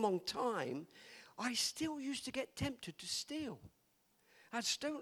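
Give me an older preacher, high-pitched and lively, telling stories with a teasing chuckle. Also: male voice, husky. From England. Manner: chatty storytelling, laughs often, teasing. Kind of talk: sermon.

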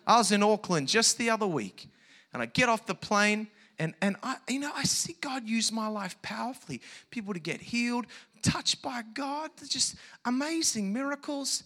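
A man preaching a sermon as a personal story, animated, swinging from hushed asides to shouted peaks. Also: very high voice, moderate pace.

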